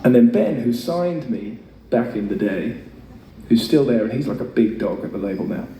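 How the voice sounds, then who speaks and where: A man's voice: medium pitch, animated, moderate pace, slight background noise. A man in his thirties telling a chatty, self-mocking story on stage between songs, swearing freely, to a concert audience. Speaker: singer performing live. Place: large concert venue, in front of an audience. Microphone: stage mic through a PA. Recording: echoey, distant audience recording with loud ambience.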